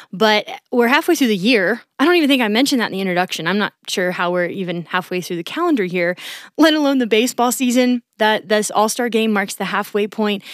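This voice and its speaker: A woman's voice: medium pitch, no echo. A woman runs through the week's sports news on her own podcast in a chatty, upbeat way. Her voice sits mid-range for a woman. The recording is dry and close, with no room sound. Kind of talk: casual solo sports recap.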